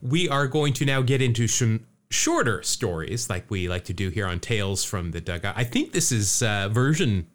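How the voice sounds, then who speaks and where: A man's voice: lowish voice, big pitch swings, normal speed, hardly any pauses. A man hosting a casual podcast, joking around and rambling, with a lot of fillers and restarts. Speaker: podcast host.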